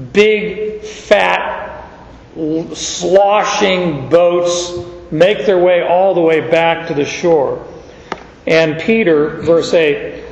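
Slow, emphatic older preacher in echoey hall. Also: male voice, on the high side. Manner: slow, emphatic, dramatizes scripture quotes. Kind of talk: expository sermon. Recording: roomy, long reverb, dull sound.

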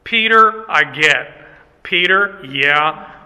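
A male pastor preaches in a folksy, self-deprecating way, stopping to restart his phrases. His voice sits high and sounds very bright. The words carry a long echo through a church hall. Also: lively intonation, drawn-out words, clean tone. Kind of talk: sermon. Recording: echoey hall.

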